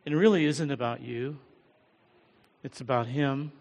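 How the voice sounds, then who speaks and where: A middle-aged American man preaching as a guest pastor, humble and halting, with many fillers. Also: mid-range voice, a little mellow. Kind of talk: sermon. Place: large church hall. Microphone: handheld or headset mic. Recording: long church hall reverb.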